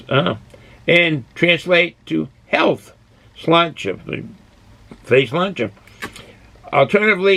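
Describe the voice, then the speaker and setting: A man's voice: fairly high pitch, gravelly, sharp tone. A man from Boston hosting a casual beer review vlog, who rambles and goes off on tangents while drinking and snacking. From Boston, USA. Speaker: beer review channel host.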